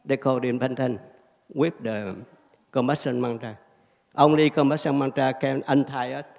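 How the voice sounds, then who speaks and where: A man giving a Buddhist teaching in halting, fragmented phrases with many fillers. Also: medium pitch, steady tone, gravelly, darkish tone. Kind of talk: dharma lecture. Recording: hall reverb.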